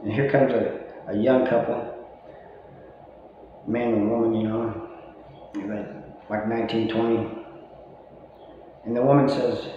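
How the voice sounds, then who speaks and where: A man's voice: medium pitch, fairly even intonation, unhurried, pauses often, warm tone. Middle-aged man, casual rambling storyteller, very echoey hall, dull lo-fi sound. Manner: rambling, full of "you know" asides; chuckles at his own stories. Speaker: vlogger talking about life after prison. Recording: very echoey, dull lo-fi room sound with faint noise.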